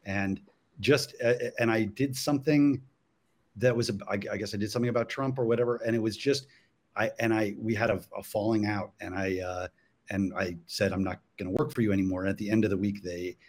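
A man's voice: on the low side, steady tone. A man, a guest cartoonist, chatting casually on a panel, often stopping and restarting his sentences. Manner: halting, full of restarts.

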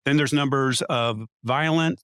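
A man's voice: mid-range voice, a little slow, a bit bright, clean tone, dry recording, clean studio sound. A man in a political debate, arguing hard and reading out statistics. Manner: argumentative, emphatic, reads out statistics. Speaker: guest.

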